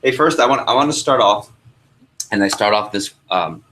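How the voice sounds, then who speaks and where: A man's voice: on the low side, animated, moderate pace, a bit bright, a little hiss or hum, rough recording. A young man, a sales trainer, teaching a workshop room and telling a story, asking the audience questions as he goes.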